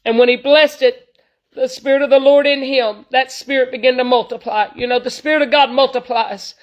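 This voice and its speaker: A woman's voice: sits high, steady tone, a little fast, rough recording. A woman, preaching informally to online viewers in an earnest, folksy way, full of "you know". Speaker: traveling evangelist.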